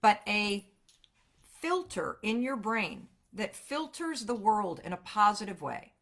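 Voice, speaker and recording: A woman giving an energetic motivational talk on a live stream, emphatic and profane, with big jumps in pitch and loudness. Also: slow pace. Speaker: motivational speaker.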